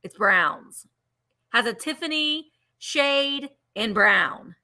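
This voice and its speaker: A woman's voice: a little high, animated, slow pace, bright, forceful tone. A woman hosting a live vintage sale, chatting casually and counting down bids aloud. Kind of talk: casual live-stream selling chat.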